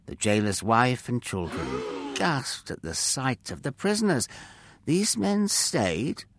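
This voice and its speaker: A man narrating a children's Bible story in an expressive way, sometimes speaking to the listener directly. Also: mid-range voice, measured pace, a little hiss or hum. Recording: dry close mic with faint music.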